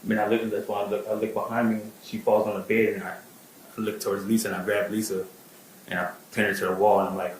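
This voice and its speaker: Halting low-voiced man giving testimony. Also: little pitch movement, echoey room, a little hiss or hum, low-quality recording. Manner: halting, many fillers and restarts. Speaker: witness. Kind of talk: testimony and recounting.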